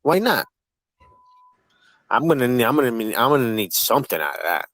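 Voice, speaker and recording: A man hosts a casual live-stream panel, rapid-firing profane, needling questions at the others. His middle-pitched voice is very animated, very fast and slightly bright. The sound is close and dry, with no room echo.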